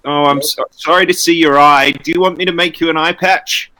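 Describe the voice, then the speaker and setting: A man's voice: a little high, fairly even intonation, fairly quick, sharp tone, voice pushed up, low-quality recording. A man voicing a cheerful, naively friendly pacifist wizard in a tabletop game. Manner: friendly, disarming, light.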